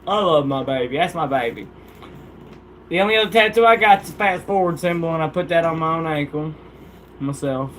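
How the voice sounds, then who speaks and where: A man's voice: on the high side, fairly quick, a bit bright, slight background noise. A young man hosting a casual livestream, laid-back and slangy, joking and laughing often. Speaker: livestream host.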